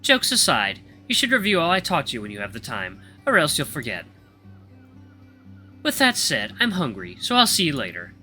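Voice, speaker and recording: A man voicing a young male wolf grandmaster who lectures in a calm, monotone way. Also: fairly high pitch, moderate pace, faint music behind, exaggerated voice. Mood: cool.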